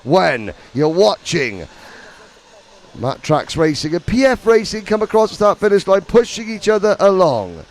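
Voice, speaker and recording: A man's voice: high voice, very animated, a little slow, rough recording. A middle-aged man giving live, rambling, self-deprecating commentary on an endurance kart race.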